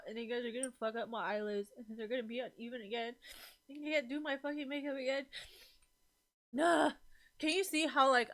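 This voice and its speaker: A woman's voice: a little high, fairly bright tone. A young woman streamer chatting casually to her viewers in a rambling, emotional, profane way, full of fillers. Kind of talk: casual livestream chat.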